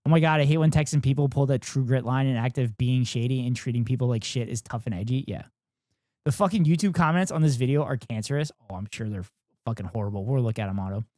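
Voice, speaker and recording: A woman's voice: rumbling low, fast, dark tone, no echo, studio quality. A woman streamer reacting to a video in casual commentary, incredulous and profane.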